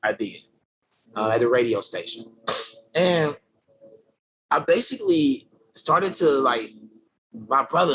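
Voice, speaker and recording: A man telling his life story as a guest in a casual interview. He speaks in slangy, energetic talk full of fillers and restarts. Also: fairly high pitch, unhurried, long pauses, slight background noise, low-quality recording. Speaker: podcast guest, creative director.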